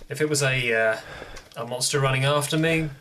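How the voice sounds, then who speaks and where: Bright-voiced young man, jumpy game commentary. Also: mid-range voice, brisk, slight background noise. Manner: jumpy, jokey, talking to himself. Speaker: gaming video host. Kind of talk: horror game let's play commentary.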